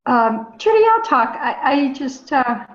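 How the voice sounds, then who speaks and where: On a casual group video call, a woman with a high, very animated voice offers warm, affirming feedback at a measured pace, moved nearly to tears. The audio is dull and sounds like an echoey room.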